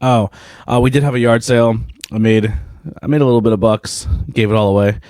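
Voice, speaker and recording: A man's voice: mid-range voice, steady tone, brisk, darkish tone, no room sound, studio quality. Laid-back, cursing male podcast host. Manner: rambling, profane, laid-back, lots of fillers. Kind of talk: casual solo podcast chat.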